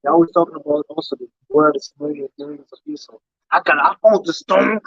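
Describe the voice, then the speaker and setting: A man leading a casual Bible study chat in an excitable way, swearing and saying "man" again and again. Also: fairly high pitch, fast, vocal fry, dry recording. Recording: dull lo-fi dry live stream.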